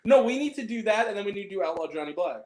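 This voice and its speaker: A high-pitched man talks about movies in a loose, excitable way and laughs often. His voice rings around an echoey room. He keeps acting out lines from comedies. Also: very fast. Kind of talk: casual chat about movies.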